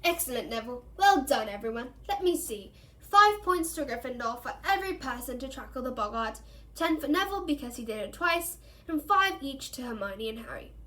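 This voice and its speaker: Woman doing a kind middle-aged teacher guy from a storybook, brisk and encouraging, barking orders to the class, highish voice. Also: expressive, sharp tone. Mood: pleased. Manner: brisk classroom commands, raised voice.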